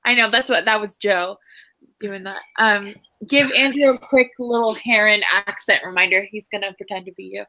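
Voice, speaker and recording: A woman's voice: medium pitch, normal speed, bright, forceful tone, low-quality recording. A woman player in a casual tabletop game chat, talking with many fillers and often laughing.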